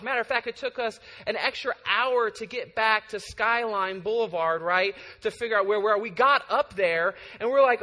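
A man's voice: sits high, lively intonation, moderate pace, hardly any pauses, bright, forceful tone, in a large hall. A man from the Bay Area preaching a sermon as a pastor, telling a story conversationally and often checking in with "right?". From San Francisco Bay Area.

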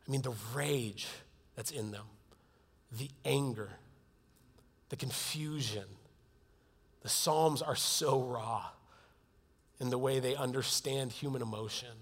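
A man preaching a sermon in an earnest tone that moves from loud to hushed. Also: mid-range voice, measured pace, pauses often, slightly rough. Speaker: pastor. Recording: long hall reverb.

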